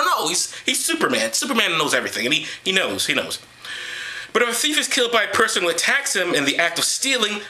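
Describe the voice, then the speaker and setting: A man's voice: fairly high pitch, pushed and bright. A man reading Bible passages aloud and mocking them with profane, sarcastic rants. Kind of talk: sarcastic comedic Bible commentary.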